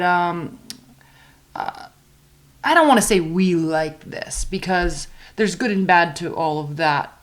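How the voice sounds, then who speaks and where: A woman giving a casual weekly tarot reading, chatty and emphatic, slowing down to stress her advice. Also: lowish voice. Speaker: tarot reader.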